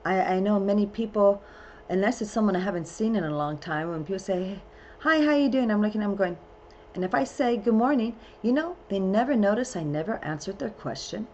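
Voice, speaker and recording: A woman astrologer hosting a full moon program in a casual, chatty way. She loosely strings her phrases together with many fillers and often breaks into excited whoops. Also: mid-range voice, brisk, a little hiss or hum. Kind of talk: casual spoken forecast.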